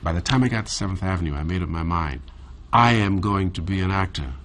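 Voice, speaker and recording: A man from the Bahamas with a Caribbean accent, telling a reflective story in an interview in a measured, thoughtful way with drawn-out pauses. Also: low voice, lively intonation, a bit bright. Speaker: interview guest.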